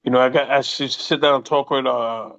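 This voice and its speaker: A man in his sixties, a former boxer, telling profane, animated stories in a casual interview and quoting people as he goes. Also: medium pitch, brisk. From United States. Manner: profane, animated anecdotes with quoted voices. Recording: muffled lo-fi audio.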